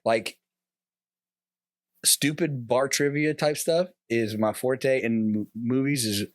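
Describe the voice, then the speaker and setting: A man's voice: mid-range voice, slow, no room sound, clean studio sound. A man appearing as a guest on a podcast, rambling about his own habits and acting out remembered conversations with his wife in casual talk. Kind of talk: casual conversation, personal reflection.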